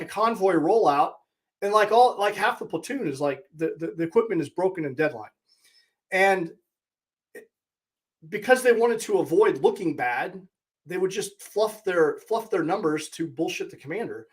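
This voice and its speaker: Host, male, 40s, a touch higher-pitched, candid and blunt, reflective solo monologue. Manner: candid and plainspoken, with blunt mild swearing. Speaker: podcast host and high performance coach.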